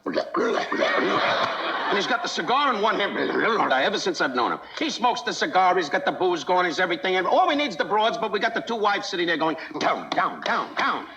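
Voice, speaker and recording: High-voiced male comic, rambling anecdotes, lively pitch, hissy old recording. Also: moderate pace, dull audio. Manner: rambling, jokey storyteller with put-on quotes. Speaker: comedian telling a story. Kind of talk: anecdotal stand-up.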